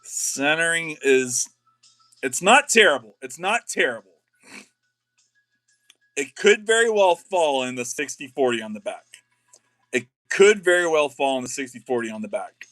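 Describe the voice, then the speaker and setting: A middle-aged man, chatting excitedly on a live card-opening stream. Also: mid-range voice, normal speed, faint music behind. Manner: excitable, says y'all a lot.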